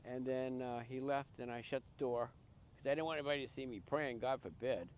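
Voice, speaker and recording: An older man from Massachusetts, a podcast guest, tells his life story in an earnest, halting way, often restarting and repeating words. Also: mid-range voice, slight background noise. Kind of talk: personal life story in conversation.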